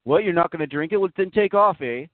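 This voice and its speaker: Man doing a brash Canadian priest, put-on Canadian accent, high sing-song voice, dry tinny phone-line sound. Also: lively intonation, fast, dry recording, lightly acted. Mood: mocking. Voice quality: high, sing-song "eh?" tag on every phrase.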